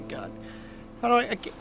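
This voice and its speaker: A man's voice: high voice, creaky, noisy background. A young man doing let's play commentary on a horror game, jumpy and swearing, screaming when scared. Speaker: gaming YouTuber.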